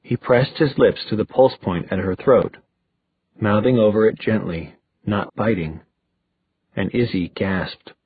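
A man narrating an audiobook in an expressive, storytelling manner. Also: lowish voice, unhurried, slightly rough, no echo. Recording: dry, phone-like thin sound.

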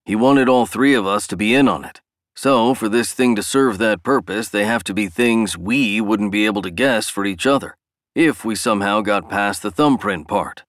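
A man voicing a gruff older father in a wheelchair, blunt but affectionate. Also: lowish voice, moderate pace, fairly bright tone, no room sound, studio quality, close to an everyday voice. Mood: earnest.

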